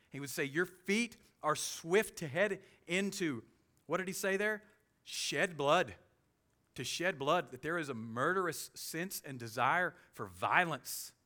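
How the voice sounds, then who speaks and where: A man with a Southern US accent preaching a sermon as pastor, animated, with quick humorous asides. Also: fairly high pitch. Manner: animated preaching, with sudden loud jokey voices and soft asides.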